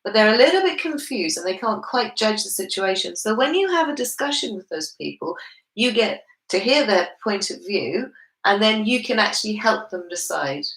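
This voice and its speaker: A woman's voice: mid-range voice, very animated, moderate pace, a bit bright, reverberant, poor audio. A woman with a confident manner, explaining at length in a casual book club chat.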